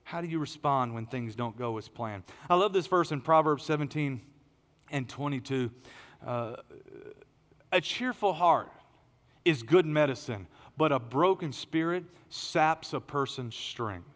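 A middle-aged male pastor delivering a sermon in a church auditorium, his voice sitting a little high for a man. He tells stories with animated energy, jumping into louder, higher bursts. A long hall reverb trails after his words. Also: a little slow.

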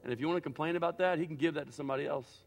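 A man preaching a sermon as pastor, swinging between loud acted-out quotes and quiet, reflective passages. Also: on the high side, racing, faint music behind.

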